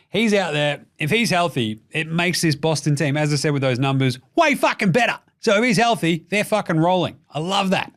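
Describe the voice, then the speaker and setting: An Australian man hosting a basketball show in casual, jokey, profane chat that rambles into tangents. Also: mid-range voice. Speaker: basketball podcast host.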